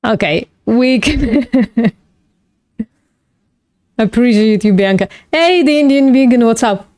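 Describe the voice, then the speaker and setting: A woman with a slightly high voice hosts a casual live stream, chatting loosely with her viewers. She swears freely and laughs at herself as she talks. The sound is close and dry, with no room echo. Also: lively intonation, slow pace, a little mellow. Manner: casual, swears, laughs often, self-mocking. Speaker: livestream host studying logic.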